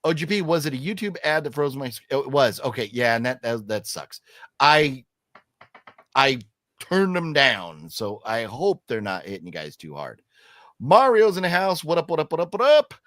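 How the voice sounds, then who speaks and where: A man's voice: medium pitch, moderate pace, dry recording. An older man co-hosting a live stream, reading chat comments aloud and joking casually. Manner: lively, reads chat comments aloud, jokey. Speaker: co-host. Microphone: streaming setup.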